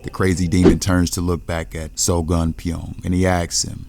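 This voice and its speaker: Deep gravelly man narrating a recap. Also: completely flat delivery, normal speed, loud music behind the voice. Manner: casual, swearing, retelling in present tense. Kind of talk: casual story recap narration.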